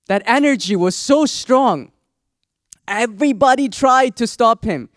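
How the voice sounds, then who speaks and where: A man's voice: very high-pitched, dry recording, studio quality. A man telling a sacred story as a spiritual teacher, dramatic and drawing in his audience. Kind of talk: storytelling sermon.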